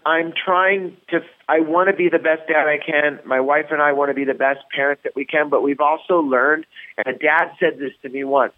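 A man, a comedian and guest, telling stories in a casual interview with many restarts. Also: mid-range voice. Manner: rambling storyteller with many restarts. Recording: tinny phone-line sound.

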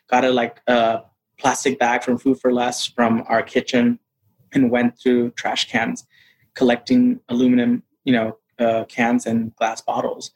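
Guy in an interview telling stories, animated and easy, laughs a lot, regular mid voice. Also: mid-range voice, low-quality recording. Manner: lively, laughs often. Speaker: actor guest. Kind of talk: casual storytelling interview.

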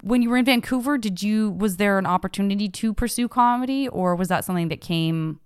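Clear-voiced woman podcast host, dry. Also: medium pitch, brisk, no echo. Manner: playful, emotional, self-mocking. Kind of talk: podcast interview and fundraising message.

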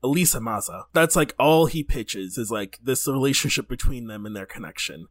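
A man co-hosting a comedy podcast, retelling a story in casual chat, joking and laughing, slipping into quick silly voices. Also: medium pitch, expressive, dry recording, clean studio sound. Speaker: podcast co-host.

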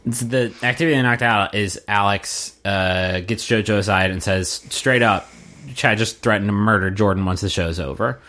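A man's voice: fairly low pitch, moderate pace, bright, forceful tone. A man co-hosting a podcast, recapping a show in casual chat with a wry, sardonic manner and casual swearing. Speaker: podcast co-host.

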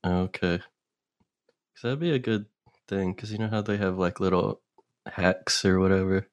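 Male co-host with a very deep voice, teasing and rambling, on a video call. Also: fairly even intonation, a little slow, lo-fi sound. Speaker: podcast co-host. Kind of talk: comedic banter.

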